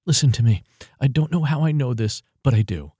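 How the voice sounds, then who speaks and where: A man's voice: medium pitch, expressive, fairly quick, warm tone, slightly rough, no echo, clean studio sound, voice pushed up. A man reading a story aloud, voicing a nervous young woman who speaks hesitantly and pleadingly.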